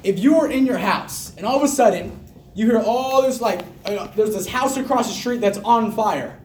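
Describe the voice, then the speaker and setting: A man giving an energetic motivational talk to a group, hyped and repetitive, laughing often. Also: sits high, moderate pace, a little hiss or hum. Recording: echoey room, mic from a distance.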